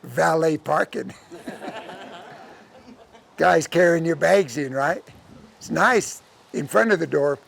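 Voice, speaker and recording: A man telling a traditional folk tale to a live audience, acting out the characters' lines in an animated way. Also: a little high, slow, vocal fry, pauses often. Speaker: storyteller. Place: lecture audience setting.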